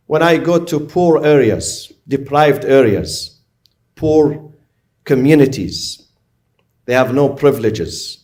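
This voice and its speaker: A man preaching a sermon as a religious lecturer, stressing his points by repeating and listing short phrases. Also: on the high side. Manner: emphatic, repeats and lists phrases.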